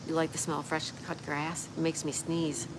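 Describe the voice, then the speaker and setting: A woman's voice: sits low, moderate pace. A woman hosting a casual livestream, reading viewer comments aloud and chatting back to them. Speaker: livestream host. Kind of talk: casual live-stream chat. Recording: steady background noise with passing traffic.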